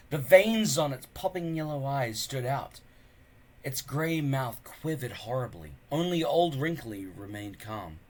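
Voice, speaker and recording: A man reads a children's adventure book aloud, his pitch rising and falling freely through each sentence. He takes his time and lets the story unfold at a slow, deliberate pace. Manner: expressive, unhurried storytelling. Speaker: reader.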